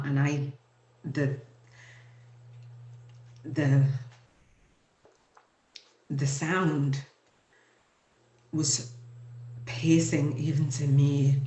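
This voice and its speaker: A woman in her forties, hosting her own show, telling a painful personal story in a halting, emotional way with many fillers. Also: rumbling low, mellow. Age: 40s. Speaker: host. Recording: echoey room.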